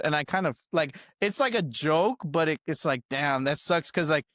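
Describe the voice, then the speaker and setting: A man's voice: on the high side, expressive, moderate pace, fairly bright tone, no echo, clean studio sound. A young man hosting a podcast, animatedly retelling a night out, laughing often and acting out what people said. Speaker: podcast host. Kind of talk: casual storytelling chat.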